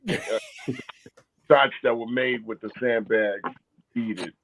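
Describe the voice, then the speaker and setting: A man's voice: mid-range voice, takes it slowly, a bit bright, slight background noise, poor audio. A man chatting casually and wryly as a guest on a podcast. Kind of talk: casual chat.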